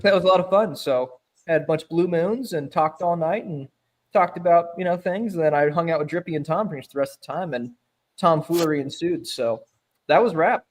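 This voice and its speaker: A man appearing as a guest chats casually, telling loose, rambling stories packed with fillers and laughing easily. His voice sits on the high side and he talks a little fast.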